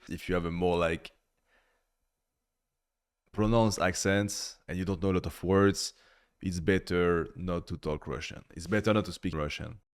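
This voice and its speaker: A man giving blunt, critical reaction commentary in a casual way, swearing freely. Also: low voice. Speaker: video reviewer.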